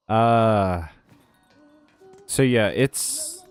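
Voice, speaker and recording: A man rambles and rants while streaming a game, laughing often and reading out chat. His voice is fairly low and smooth, and the close desk mic sounds dry, with faint music underneath. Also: measured pace, darkish tone, no echo.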